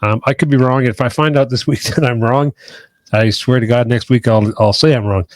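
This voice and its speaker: A man's voice: medium pitch, steady tone, brisk, dry recording. A man co-hosting a podcast, chatting casually and rambling with hedges and restarts. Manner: rambling, hedging, many restarts. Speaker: podcast co-host.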